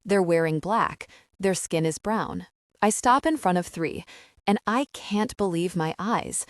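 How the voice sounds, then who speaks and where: A woman narrating a first-person thriller audiobook in a tense, steady storytelling manner. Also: lowish voice, a little slow, dry recording, clean studio sound.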